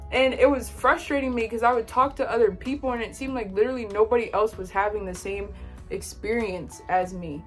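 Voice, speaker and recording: A woman's voice: on the high side, a little fast, soft background music. A young woman vlogging a casual storytime, exasperated and full of slang.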